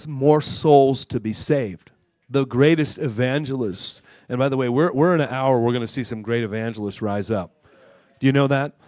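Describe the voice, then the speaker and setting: Man, mid-pitched revival preacher, dry sound, halting restarts building to fervor. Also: dry recording. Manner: stumbling restarts, building to fervent shouts. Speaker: guest preacher. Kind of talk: sermon. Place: church conference hall.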